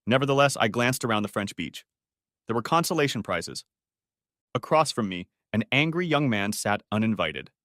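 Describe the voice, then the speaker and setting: A man telling a dramatic family story in the first person, his voice rising and falling with feeling. The sound is dry and close, with mid-range pitch that moves a great deal. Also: lively intonation, normal speed, a bit bright, no room sound. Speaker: audiobook narrator.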